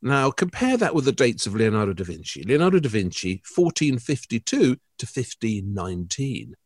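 Lively jokey male podcast host. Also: medium pitch, normal speed, dry recording, studio quality. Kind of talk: casual chat.

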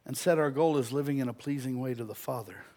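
A man preaching a sermon, telling a story and building to loud, emphatic peaks. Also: mid-range voice, quick pace.

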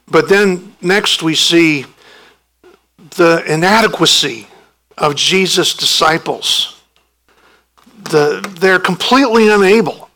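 Gravelly, slow-preaching male pastor. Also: a little high, sharp tone, poor audio. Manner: emphatic, rising sharply when voicing the disciples' protests. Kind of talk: sermon.

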